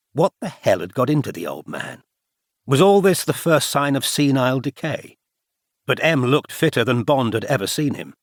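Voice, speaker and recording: A man narrating a spy novel audiobook in a measured, even storytelling manner. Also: mid-range voice, no echo. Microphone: close studio mic. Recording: dry close studio recording.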